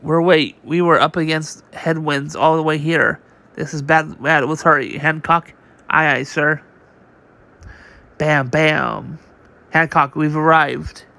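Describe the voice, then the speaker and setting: A man reads a comic aloud in an unhurried, gravelly voice with a bright, sharp tone. His delivery is casual and unpolished. He restarts words often and voices the sound effects. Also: on the high side, fairly even intonation. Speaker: channel host reading a manga aloud.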